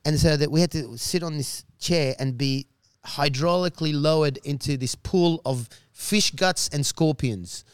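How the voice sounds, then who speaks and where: Animated, profane male storyteller. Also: a little high, unhurried, hardly any pauses, smooth, no room sound. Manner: animated, profane, laughing storyteller with many restarts. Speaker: guest telling stories. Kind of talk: casual storytelling chat.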